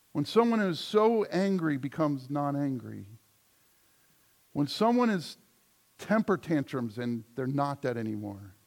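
A male pastor preaching a sermon, emphatic, moving between loud declarations and soft asides. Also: a little high.

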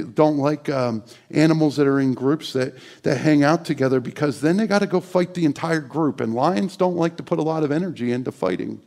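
A middle-aged male pastor preaching a sermon in a church, climbing to animated emphasis and sinking to a soft, prayerful hush. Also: fairly high pitch, gravelly. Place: church sanctuary.

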